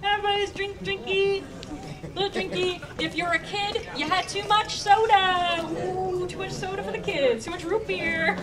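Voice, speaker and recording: A woman hosting a convention panel, talking to the crowd in a playful, animated way, often laughing. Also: very high-pitched, normal speed, few pauses. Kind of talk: live panel commentary to an audience. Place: convention panel room with audience. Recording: distant camera, crowd noise.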